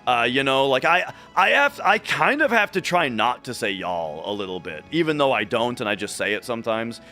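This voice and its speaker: A man's voice: medium pitch, sing-song, moderate pace, sharp tone, faint music behind. Rambling man with a light Minnesotan accent. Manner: rambling, restarts sentences often. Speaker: speedrun streamer. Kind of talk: casual livestream chat.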